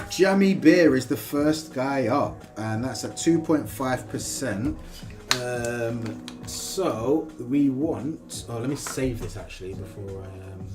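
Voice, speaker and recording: Excitable, swearing man. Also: medium pitch. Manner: chatty, excitable, swears freely. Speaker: live-stream host. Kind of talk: casual live-stream chat. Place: home kitchen.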